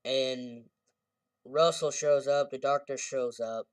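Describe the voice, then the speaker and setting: A man's voice: medium pitch, steady tone, slow pace, no echo, distant mic. A man giving a casual, rambling movie review, often correcting himself as he retells scenes.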